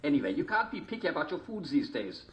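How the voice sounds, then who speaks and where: A sly, wheedling big bad wolf. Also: male voice, very animated, fast talker, muffled recording, over a noisy crowd. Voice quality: high, wheedling put-on voice.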